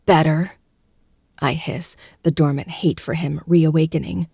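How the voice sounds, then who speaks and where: A woman narrating a first-person audiobook close to the mic, in a hushed, breathy, intimate delivery that often drops to a whisper. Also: low voice, dry recording.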